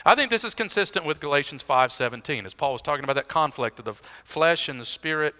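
A man's voice: a little high, expressive, quick pace, few pauses, sharp tone, big-room sound. A man preaching an expository sermon as pastor, in a conversational style with dry, self-deprecating asides.

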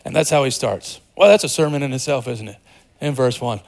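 A pastor preaching a sermon in an animated, conversational way, joking with the congregation and dropping to a hushed voice for quieter passages. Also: male voice, medium pitch, brisk, gravelly. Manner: animated, swings between loud emphasis and hushed, softer passages.

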